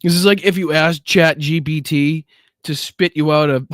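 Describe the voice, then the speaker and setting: A man's voice: a little high, fairly even intonation, moderate pace, fairly bright tone, dry recording, clean studio sound. A man hosting a livestream, reacting to news clips with mocking, profane commentary and frequent laughter. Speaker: livestream host.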